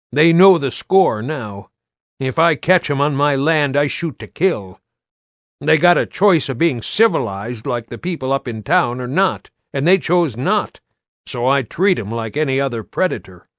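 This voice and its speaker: A man narrating an audiobook, putting on the voice of a blunt, rough middle-aged farmer in a raised, pitched-up tone. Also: animated, measured pace, fairly bright tone, dry recording.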